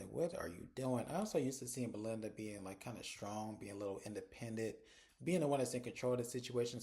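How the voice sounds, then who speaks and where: Guy doing a chatty episode recap, talks fast, darkish mellow voice. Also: medium pitch, gravelly. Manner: chatty, reacts with slangy asides. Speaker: TV episode reviewer.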